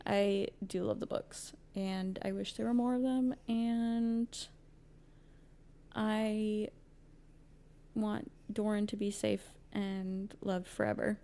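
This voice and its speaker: Young woman, podcast co-host, gushing, rambling, giggly, mid-pitched voice. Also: flat delivery, slow, dark tone. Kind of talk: casual book chat.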